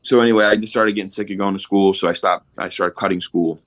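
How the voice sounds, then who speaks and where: A man spins long, streetwise stories from his past, swearing as easily as he breathes. His voice sits very low, and the recording is dry and close, with no room around it. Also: steady tone, fast talker, dry recording. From Philadelphia. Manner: rambling, streetwise, swears casually. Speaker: podcast guest. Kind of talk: casual storytelling.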